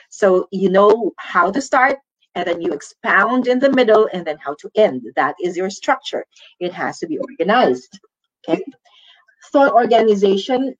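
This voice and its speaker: A woman's voice: mid-range voice, slightly rough, lo-fi sound. A woman with a Filipino accent giving a lecture as a teacher, checking in often with "okay?" and "right?". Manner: ends points with tag questions like "okay?". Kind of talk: lecture on communication skills.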